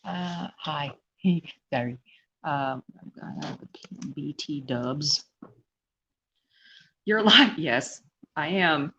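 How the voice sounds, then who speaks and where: Woman, live streamer, low gravelly voice, self-deprecating, muffled lo-fi sound. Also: takes it slowly, a bit bright. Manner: rambling, self-deprecating, laughs often. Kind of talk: casual live stream chat.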